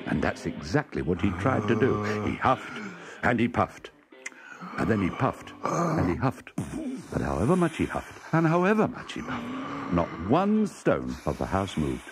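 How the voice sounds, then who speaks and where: A man reads a children's storybook aloud, swooping all over his range in a sing-song way. His voice sits fairly low, and soft music plays behind him. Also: unhurried. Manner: expressive, sing-song reading. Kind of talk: scripted storybook narration. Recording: music playing underneath.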